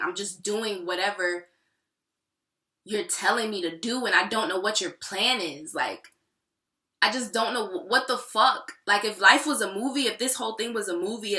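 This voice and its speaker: A woman's voice: medium pitch, sharp tone. Candid, profane woman in an echoey room. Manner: candid, profane, rambling and emotional. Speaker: aspiring songwriter. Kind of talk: personal vlog diary. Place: New York City.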